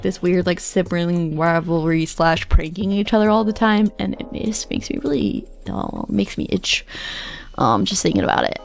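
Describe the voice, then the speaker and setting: With a gravelly voice on the low side, a female streamer chats her way through a long personal story. She's talkative, quotes other people along the way, and laughs often.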